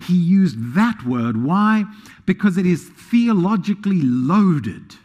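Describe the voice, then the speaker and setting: A man preaching a sermon, animated, swinging between quiet asides and loud emphasis. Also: high voice, slow, big-room sound. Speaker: pastor.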